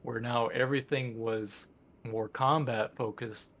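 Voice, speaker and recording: A man's voice: medium pitch, fairly even intonation, unhurried, fairly bright tone. A man co-hosting a podcast in casual chat, rambling with enthusiasm and lots of fillers. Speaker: podcast co-host.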